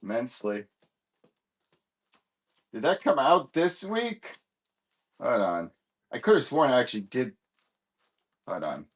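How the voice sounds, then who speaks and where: A man's voice: mid-range voice, big pitch swings, unhurried, long pauses. Man rambling through a live comic sale. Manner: rambling, lots of fillers and "hold on"s while searching. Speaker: live-stream comic seller. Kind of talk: casual live-sale chat.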